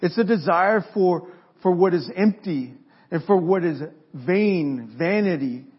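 A man preaching a sermon as pastor, pausing for effect and building to forceful emphasis. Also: sits high, expressive, husky. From Mexico. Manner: preaching with dramatic pauses and rising emphasis. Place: church sanctuary. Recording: dull lo-fi sermon recording.

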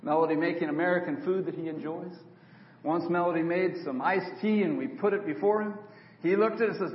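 A man's voice: high-pitched, brisk. An older man, a preacher, telling a story in a sermon and acting out the dialogue. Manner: animated storyteller, quotes others in dialogue. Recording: echoey hall from far off, dull.

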